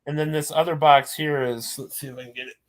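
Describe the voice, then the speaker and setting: A man's voice: fairly high pitch, fairly even intonation, fast talker. Easygoing man chatting casually. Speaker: co-host. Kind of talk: casual chat.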